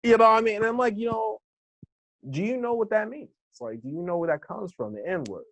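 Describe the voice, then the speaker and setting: A young American man from Los Angeles, a guest in a casual interview, telling stories with lively acted-out quotes and frequent laughs. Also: high-pitched, a little fast. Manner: animated storyteller who acts out quoted voices, laughs often. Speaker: interview guest, hip hop instructor.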